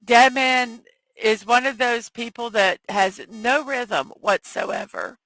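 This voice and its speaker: Hoarse, slow-talking woman host. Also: fairly high pitch, animated, a bit bright, dry recording, poor audio. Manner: reads viewer chat aloud, chatty and apologetic. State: scratchy, hoarse voice. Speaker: morning show host. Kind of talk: casual livestream chat. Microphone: headphone mic.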